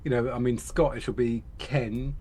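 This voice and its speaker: British man, co-host, jokey, rambles and restarts, mid pitch. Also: fairly even intonation, normal speed, a little mellow, breathy edge. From Britain. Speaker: reaction video co-host. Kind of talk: casual reaction chat.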